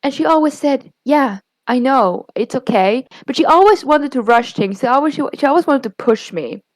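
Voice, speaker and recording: A woman's voice: high voice, animated, normal speed, no room sound, rough recording. A young woman co-hosting a podcast, candidly retelling a bad date and quoting the conversation. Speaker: podcast co-host. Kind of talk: casual storytelling.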